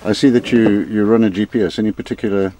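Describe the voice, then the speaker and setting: A man interviewing a truck driver, asking halting questions and giving short replies. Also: on the low side, steady tone, dark tone, low-quality recording. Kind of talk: casual interview.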